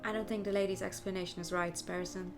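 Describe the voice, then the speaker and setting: A woman's voice: lowish voice, fairly even intonation, over music, pitched below the performer's own voice, lightly acted. A woman doing a formal male falcon lawyer. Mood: measured. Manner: formal, measured.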